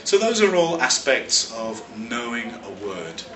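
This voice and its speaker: A man from London, a teacher explaining vocabulary in a clear, measured lesson, stressing key words. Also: mid-range voice, big pitch swings, fairly bright tone, distant mic, faint music behind. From London, England. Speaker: English teacher and teacher trainer. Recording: roomy echo, slightly off-mic.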